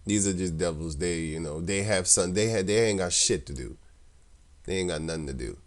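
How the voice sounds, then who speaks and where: A man with a deep, low voice talks through scripture in a casual, rambling way. He laughs often and his tone is mocking and scornful, with frequent restarts. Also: a little fast. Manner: loose and rambling, with many restarts. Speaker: religious commentator.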